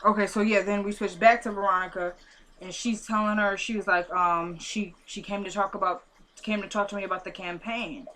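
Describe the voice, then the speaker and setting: Bright-voiced woman recapping a TV episode. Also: mid-range voice, fairly quick. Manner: animated, acts out quotes, exclaims. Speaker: TV show recapper.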